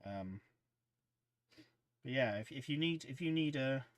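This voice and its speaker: A man's voice: medium pitch, expressive, unhurried, dry recording. A man hosting a casual livestream, rambling in an easygoing way as he reads out chat messages. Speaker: livestream host.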